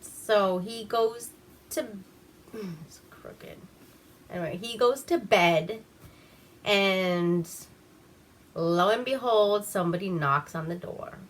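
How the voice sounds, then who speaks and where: A woman's voice: medium pitch, slow, long pauses. A woman recapping an old movie in a casual, profane, rambling way, laughing as she goes. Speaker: movie reviewer.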